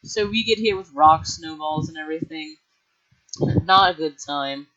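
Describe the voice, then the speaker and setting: A man's voice: on the high side, measured pace, pushed and bright. Young man, casual storytelling vlogger, rambling delivery, muffled home-mic sound. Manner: rambling, heavy use of filler words and restarts. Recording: dull lo-fi mic.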